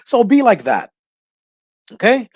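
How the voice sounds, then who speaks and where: A man's voice: very high-pitched, wildly swooping pitch, takes it slowly, dry recording. A man hosting a livestream talk show, delivering an emphatic, preachy monologue with stumbles and restarts, often asking "okay?". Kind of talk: casual commentary monologue.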